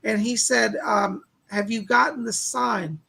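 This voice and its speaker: A male psychic medium on a live stream, hoarse from losing his voice, relaying spirit messages and thanking donors by name. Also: high voice, fairly even intonation, unhurried, sharp tone. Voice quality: gravelly, husky voice. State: losing his voice, clearing his throat.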